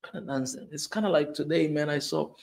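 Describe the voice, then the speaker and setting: Guy ranting about the news, kinda high voice, keeps saying man, gets worked up. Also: steady tone, brisk, vocal fry. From Tanzania. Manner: emotional, repetitive, says "man" often, voice rising in outrage. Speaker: online news commentator. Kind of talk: impassioned casual commentary.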